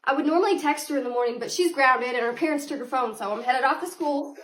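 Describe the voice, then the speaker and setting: A woman's voice: sits high, quick pace, lightly acted. A woman playing a cocky teenage boy basketball player, talking in a boastful, casual way.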